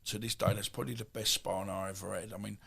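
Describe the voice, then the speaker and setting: A man in his fifties with an Essex accent, telling stories as a podcast guest in a rambling, animated way with many asides. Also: on the low side, fast talker, vocal fry, husky. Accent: Essex English. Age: 50s. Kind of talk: casual storytelling.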